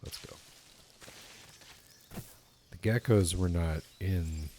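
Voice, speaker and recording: A man's voice: deep voice, drawn-out words, dark tone, slight background noise. A man giving casual let's play commentary while gaming, rambling and swearing casually. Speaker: gaming YouTuber.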